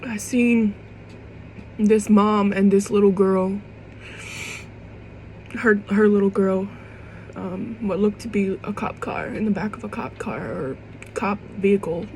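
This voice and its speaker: A young woman in her vlog speaks with a mid-pitched voice, earnest and halting. She keeps restarting and swears casually as she fights back tears. A faint hiss sits behind her voice. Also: darkish tone, rough recording. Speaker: vlogger. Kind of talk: emotional personal monologue to camera.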